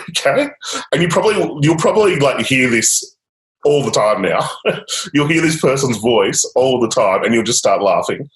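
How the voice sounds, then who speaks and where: A change coach guides a client through a session in a medium-pitched, sing-song voice at normal speed. He's upbeat and encouraging, uses casual fillers, and the recording has a roomy echo.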